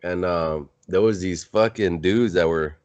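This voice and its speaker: A man's voice: low-pitched, measured pace, a little mellow. A man on a podcast, telling a story in a laid-back way and swearing freely. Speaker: podcast co-host. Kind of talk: casual chat. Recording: dull lo-fi sound.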